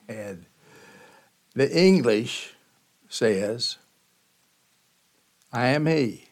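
A male pastor delivering a sermon at an unhurried, deliberate pace. His voice sits in an ordinary middle register, and he leans hard on key words with dramatic pauses between phrases. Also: mid-range voice, darkish tone. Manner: slow, emphatic teaching with dramatic pauses.

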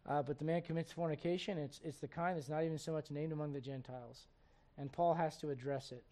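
A man with a high-pitched voice preaches a sermon as pastor. He keeps asking his listeners rhetorical questions and acts out the voices he quotes. He swings between loud, pressing emphasis and low, quiet asides. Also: steady tone, fast talker.

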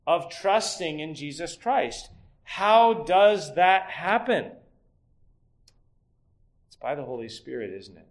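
Preaching expository style, this middle-aged man speaks slowly with big swings in pitch and long pauses. His emphatic rhetorical questions give way to low, quiet teaching.

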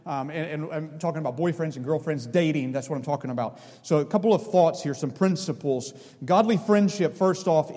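A middle-aged male pastor delivering a sermon, emphatic, with sudden swings between loud and soft. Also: on the high side, brisk, hardly any pauses. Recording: long reverb of a large hall.

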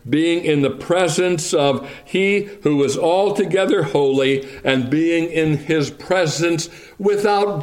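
Male pastor, unhurried sermon delivery, measured scripture reading. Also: a little high. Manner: slow, deliberate preaching with King James scripture readings.

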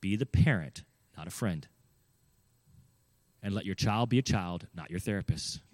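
A man with a fairly low voice tells a personal story and gives advice, earnest and emphatic. He keeps turning to the listener with questions. The sound is dry and close, with no room echo. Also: moderate pace, darkish tone. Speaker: speaker giving parenting advice. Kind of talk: storytelling talk.

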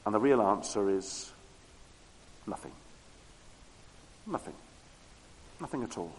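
A man preaching a sermon with emphatic repetition, moving between loud declarations and hushed low tones. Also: expressive, slow, a little hiss or hum. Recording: long hall reverb.

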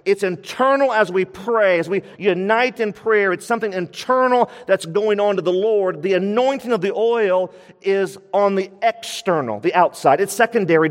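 A man's voice: high voice, normal speed, hardly any pauses. A man preaching a sermon as pastor of a church, emphatic and repeating his key points. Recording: long reverb of a church hall.

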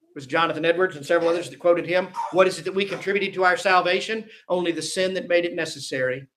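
High, bright-voiced preacher acting out scenes. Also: male voice, fast, a little hiss or hum. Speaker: pastor. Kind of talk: sermon. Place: church.

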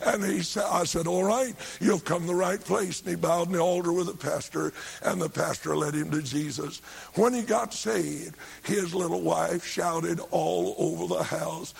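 An older preacher with a gravelly, raspy voice, high for a man, tells a revival story with fervor. His intonation is fairly even and his pace measured, building to shouted lines when he voices the people in the story.

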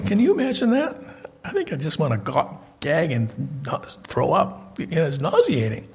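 A man's voice: on the high side, big pitch swings, moderate pace, a little mellow. A man preaching a conversational sermon, folksy and fond of asking his listeners questions. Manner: folksy, repeats himself, asks the congregation questions. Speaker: preacher in prison ministry.

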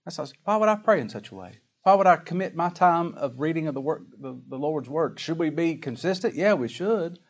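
Folksy man preaching a slow-read sermon. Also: a little high, animated. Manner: folksy preaching, rhetorical questions, slow emphatic scripture reading. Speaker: pastor.

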